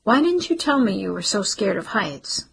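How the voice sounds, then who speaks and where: A woman voicing Garrett, an awkward, earnest young man, in an even, plain delivery. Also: medium pitch, normal speed, creaky, slightly rough, heavily acted, rough recording.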